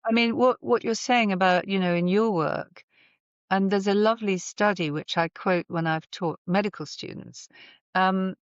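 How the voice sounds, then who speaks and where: A woman's voice: mid-range voice, normal speed, clean tone, no echo. A woman, a voice therapist, explaining her work thoughtfully with examples in a conversational interview. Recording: slightly dull remote audio.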